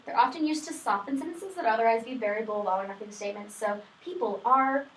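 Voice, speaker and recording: A woman's voice: on the high side, lively intonation, fast. A young woman, a student, casually summarizing her reading for a study group, chatty and full of fillers and self-deprecating asides. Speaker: student presenter. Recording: echoey room, distant mic, faint noise.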